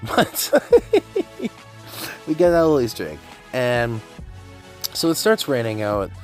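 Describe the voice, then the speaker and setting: A man casually recapping an anime episode, chatty and excited, slipping into quick voices for the characters. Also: lowish voice. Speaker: anime reviewer.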